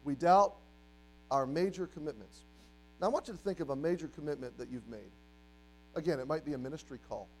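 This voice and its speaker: A man in his forties preaching a sermon as a youth pastor, animated, acting out the voices of doubters and the devil. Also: medium pitch, quick pace, faint music behind, rough recording.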